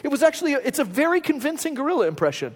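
A male pastor delivers a sermon in a loose, storytelling way, often checking in with the room through quick rhetorical questions. His voice sits very high for a man. It rings out in a church with a long, lingering reverb. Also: very animated. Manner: conversational storyteller, asks the audience rhetorical questions.

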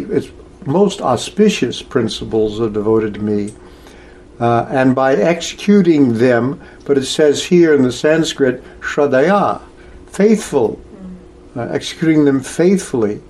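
Slow, halting male scripture teacher. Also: medium pitch, a little mellow, slight background noise. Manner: slow, halting, many filler sounds. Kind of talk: lecture on scripture.

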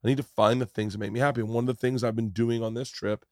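A man hosting a podcast, chatting casually on a tour bus, animated and joking, swearing often. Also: medium pitch, fast talker, dry recording, studio quality. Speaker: podcast host. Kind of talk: casual chat.

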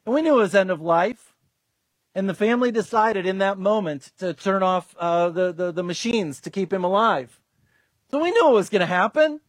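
Pastor, man, high pitch, earnest sermon delivery, dry close recording. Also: moderate pace, no room sound. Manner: earnest, acts out quoted voices, restarts with fillers.

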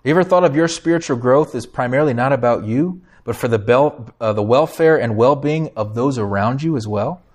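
A man's voice: medium pitch, fairly quick, few pauses, darkish tone. A man preaching a sermon as pastor, emphatic, lifting his voice on key phrases and putting questions to the congregation. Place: church sanctuary.

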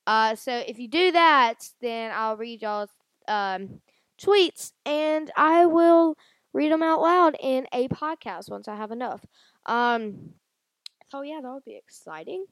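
A woman with a fairly high-pitched voice talks slowly on her own casual podcast, recorded with no echo on a handheld audio recorder. It's loose solo chat that rambles, packed with fillers and restarts.

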